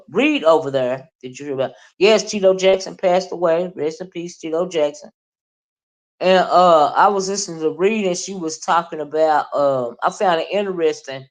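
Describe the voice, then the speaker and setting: A woman streamer giving a casual, meandering commentary monologue, full of fillers and restarts. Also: deep voice. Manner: chatty, meandering, with many fillers; loud mocking imitations, laughing.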